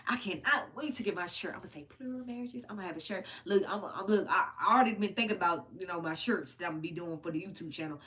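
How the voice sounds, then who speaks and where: Blunt, profane woman ranting to camera. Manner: blunt, profane, animated, swings high when worked up. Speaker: commentary channel host. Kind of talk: unscripted rant to camera.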